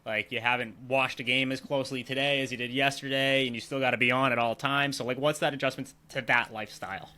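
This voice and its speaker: A male podcast host with a bright, forward voice at a middle pitch. He asks long, looping questions in an easygoing way. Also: steady tone, fast, hardly any pauses, clear, resonant tone. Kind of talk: casual interview.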